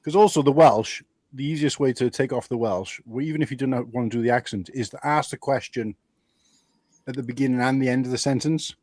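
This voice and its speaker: A man's voice: medium pitch, brisk, a little mellow, dry recording. A man hosting a casual hobby podcast, who teases and swears freely. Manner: crude, teasing, swears freely. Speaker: podcast host. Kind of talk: casual banter.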